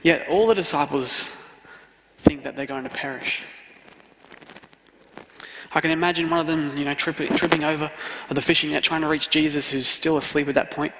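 A man preaching an earnest sermon, driving his points home by saying them twice. His voice sits a bit high and carries a gravelly fry at the bottom of his phrases. A long hall reverb trails after each line. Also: normal speed, heavy background noise. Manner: earnest, repeats key phrases for emphasis. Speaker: student pastor.

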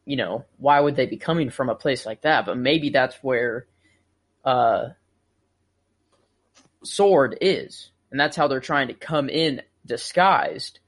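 Male co-host, relaxed chat, tentative theorizing. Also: medium pitch, slow pace. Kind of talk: casual chat.

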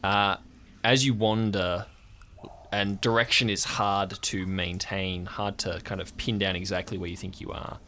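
A man narrating as game master, relaxed and halting, with frequent fillers. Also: low voice.

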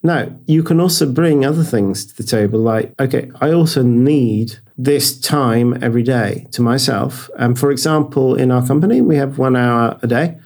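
A man from the UK talks casually as an interview guest. He tells stories with energy, and his voice climbs when he gets excited. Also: medium pitch, moderate pace, few pauses. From United Kingdom. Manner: animated storyteller, voice jumps up when excited. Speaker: guest, software developer.

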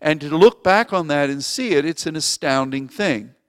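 A man's voice: a little high, animated, moderate pace, fairly bright tone, no room sound, studio quality, big-room sound. A man preaching a sermon as pastor, rambling and anecdotal, often restarting his phrases. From Springfield, Missouri.

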